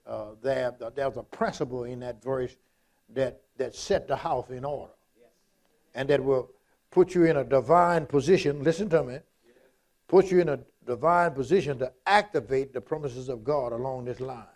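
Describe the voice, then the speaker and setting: A man's voice: mid-range voice, normal speed, a little mellow. A man preaching a sermon in a folksy, repetitive, emphatic way, quoting Scripture.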